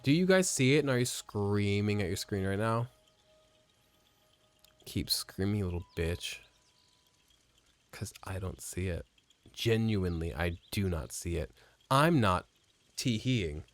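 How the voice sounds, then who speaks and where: A man's voice: fairly low pitch, expressive, unhurried, long pauses, soft background music. A man giving casual gameplay commentary at a home desk mic, rambling and profane, mocking himself and jumping between mutters and exclamations. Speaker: let's play streamer.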